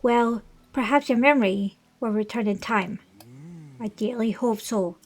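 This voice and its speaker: A woman's voice: on the high side, measured pace. A woman voicing a stately old fish-folk king. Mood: earnest. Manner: formal, stately reading of game dialogue. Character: older male fish-folk king, regal and fatherly. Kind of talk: reading video game dialogue aloud.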